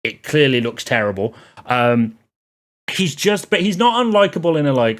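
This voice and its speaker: A man's voice: medium pitch, sing-song, normal speed, a bit bright. A man giving a sarcastic, rambling spoken film review, full of exasperated asides.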